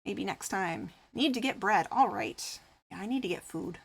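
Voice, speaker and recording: A woman's voice: mid-range voice, animated, normal speed, gravelly, breathy edge. A woman streamer chatting casually with her live viewers, rambling and full of fillers, reading comments aloud and answering them. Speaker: craft streamer.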